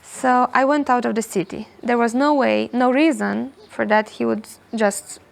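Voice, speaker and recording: Gravelly-voiced woman telling a story. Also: on the high side, moderate pace. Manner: animated, repeats words, frequent "you know". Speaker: guest. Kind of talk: casual storytelling in English. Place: hostel.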